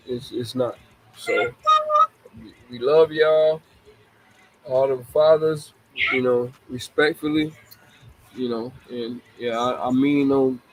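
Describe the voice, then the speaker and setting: A man's voice: mid-range voice, low-quality recording. A man in his forties hosting a casual live talk show, laughing often and apologizing to young listeners he calls babies. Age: 40s. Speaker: show host.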